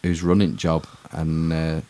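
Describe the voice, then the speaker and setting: A man's voice: a bass voice, completely flat delivery, unhurried, a little mellow. A man telling a rambling, sweary story as a podcast co-host. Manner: rambling, swears freely, self-mocking. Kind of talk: casual storytelling chat.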